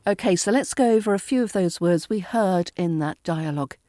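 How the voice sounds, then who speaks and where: A woman with a British RP accent teaching pronunciation, saying words slowly and deliberately and repeating them for practice. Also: lowish voice, lively intonation, mellow, dry recording, clean studio sound. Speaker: accent coach. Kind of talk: pronunciation lesson.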